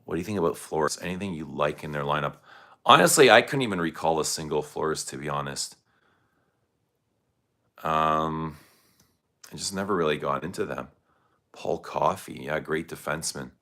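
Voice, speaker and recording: A man's voice: extremely low pitch, moderate pace, long pauses, sharp tone. A man hosting a casual fragrance livestream, rambling loosely and reacting to viewer comments. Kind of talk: casual livestream chat answering chat.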